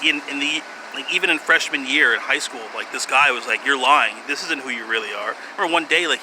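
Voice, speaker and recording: A man in his thirties rambles to camera in a halting way, circling back with fillers and restarts. His voice sits fairly high for a man. Cars and street noise run clearly behind him outdoors. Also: sharp tone, low-quality recording. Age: 30s. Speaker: vlogger.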